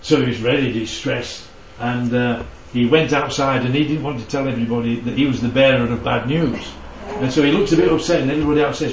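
Preacher, chatty, echoey hall. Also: male voice, medium pitch, steady tone, a little fast, few pauses, a little hiss or hum. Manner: conversational, checks in with the audience often. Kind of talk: interactive Bible teaching. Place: church hall. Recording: dull, echoey hall from far off.

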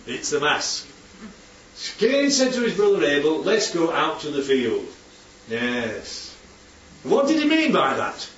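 A man teaches the Bible informally to a group in a slightly high, sing-song voice, speaking slowly with a fairly bright tone. He often asks listeners questions and makes sure they follow. The audio is distant, dull and roomy with faint noise.

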